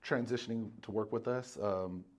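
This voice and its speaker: A man guesting on a podcast, chatting casually as an insurance broker and telling animated stories with plenty of restarts. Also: lowish voice, moderate pace. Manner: animated storyteller, acts out dialogue; frequent fillers and restarts. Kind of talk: casual chat.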